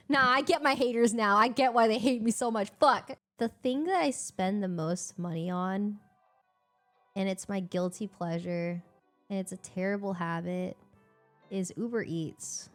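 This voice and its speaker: A young woman streamer chatting casually, animated and expressive, laughing and swearing freely. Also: mid-range voice, a little slow, faint music behind. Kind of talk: casual live-stream chat.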